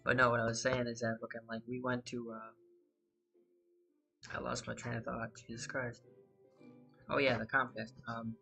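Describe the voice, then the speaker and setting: A man's voice: medium pitch, little pitch movement, moderate pace, vocal fry, long pauses, sharp tone, faint music behind. A man hosting a gaming channel, chatting casually and rambling through a story over his gameplay, losing his thread and swearing freely.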